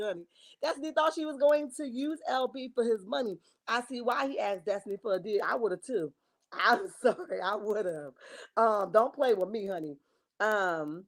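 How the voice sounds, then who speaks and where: Woman, livestream host, sassy gossip, slightly high voice, says honey and baby a lot. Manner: reenacts dramatic quotes. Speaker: livestream host reading chat. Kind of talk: casual gossip chat.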